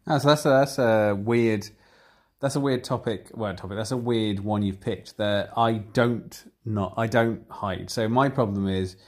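A man's voice: lowish voice, unhurried. Candid man in casual chat. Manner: candid, rambling, animated when retelling exchanges.

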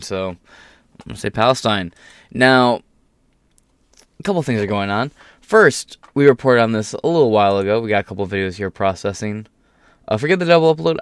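Male commentary host, low voice, dry close mic, blunt and sarcastic, swears. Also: clear, resonant tone, no echo. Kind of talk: casual political commentary vlog.

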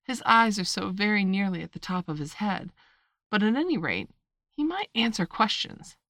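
Kobieta czytająca jako grzeczna, ciekawska dziewczynka z bajki, mówiąca szczerze i uprzejmie, w suchym, bliskim nagraniu. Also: female voice, mid-range voice, animated, moderate pace, a bit bright, dry recording, studio quality. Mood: earnest. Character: polite, curious young girl, easily flustered.

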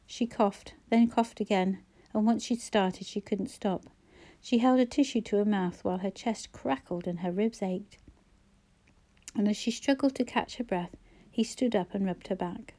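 A woman narrating a novel as an audiobook reader, in measured, even storytelling. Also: mid-range voice. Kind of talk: scripted narration.

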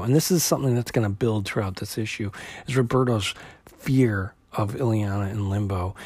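A man's voice: mid-range voice, darkish tone, breathy edge, no room sound. A man hosting a podcast, recapping a comic book issue in a loose conversational way, with plenty of fillers and restarts. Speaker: podcast host.

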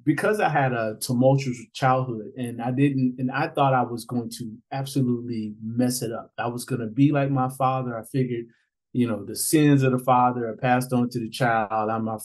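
This is a man in conversation as a podcast guest, telling stories with a lively, animated delivery. He laughs easily and slips into other people's voices when he quotes them. His pitch sits in the middle for a man. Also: poor audio. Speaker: podcast guest, author and father. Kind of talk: conversational storytelling.

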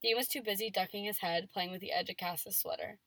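A woman's voice: mid-range voice, fairly even intonation, brisk, a bit bright, no echo. A woman reading fan fiction aloud on a casual podcast, giving the dialogue playful emphasis and chatting between passages.

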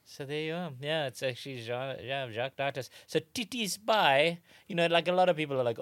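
A man's voice: mid-range voice, animated, fairly quick, no echo. A man co-hosting a comedy trivia podcast, explaining facts in a wry, joking casual chat. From South Africa. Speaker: podcast co-host.

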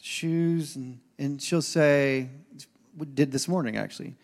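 Male pastor, high voice, casual sermon with humor, big church reverb. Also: steady tone, measured pace, darkish tone. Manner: casual, joking, acts out quoted voices. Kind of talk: conversational sermon. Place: church sanctuary. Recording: long hall reverb.

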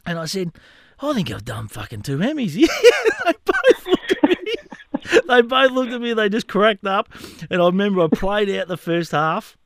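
A man's voice: high-pitched, normal speed, creaky, no echo, clean studio sound. A man in his thirties, hosting a podcast and telling a rambling, funny story in casual chat, often laughing at himself. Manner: animated yarn-spinning, laughing at his own stories. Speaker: podcast host.

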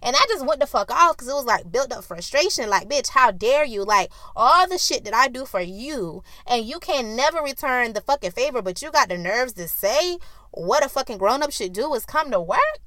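A woman hosting a solo podcast, telling a story in a heated, profane way and acting out arguments loudly. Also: on the high side, very animated, moderate pace, no room sound. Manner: acts out quoted arguments loudly. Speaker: podcast host.

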